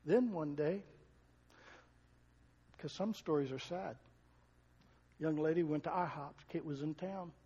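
An older man preaching a sermon, telling stories with emphatic swells and soft asides. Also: fairly high pitch, measured pace, pauses often, slightly rough, in a large hall, muffled recording. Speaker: pastor.

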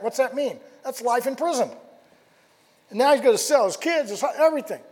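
Male pastor, high husky voice, animated sermon delivery with rhetorical questions; long hall reverb. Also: a little fast. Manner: animated storytelling, rhetorical questions, drops to quiet emphasis.

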